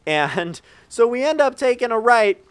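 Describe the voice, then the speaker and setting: A man's voice: extremely high pitch, sing-song, unhurried, smooth. A young man telling a rambling, profane story in a casual storytime video, talking straight to his viewers. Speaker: gaming channel storyteller. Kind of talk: casual storytime over gameplay.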